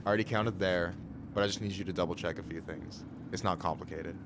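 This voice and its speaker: A man's voice: deep voice, fairly even intonation, quick pace, noisy background. An easygoing teasing young guy. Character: friendly teasing young man shopkeeper. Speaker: game character. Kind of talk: video game voice acting. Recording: game audio with clear music behind.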